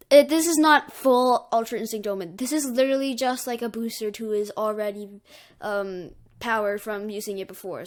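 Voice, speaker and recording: Woman, improvised fan story narration, rambling, filler-heavy, somewhat high voice.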